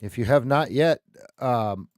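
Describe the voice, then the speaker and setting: A man's voice: mid-range voice, unhurried, darkish tone, no room sound. A man hosts a live trading session and reads off price levels. He repeats numbers and restarts mid-sentence. The sound is dry and close, with no room around it. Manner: repetitive, thinks aloud with restarts. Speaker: trading stream host. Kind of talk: live market commentary.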